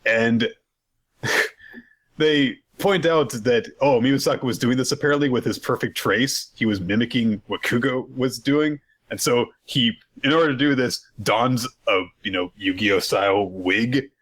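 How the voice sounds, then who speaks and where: Laughing man recapping manga, husky. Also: medium pitch, unhurried, fairly bright tone. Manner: laughing, jokey, acts out quotes. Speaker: podcast co-host. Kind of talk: casual chat about manga.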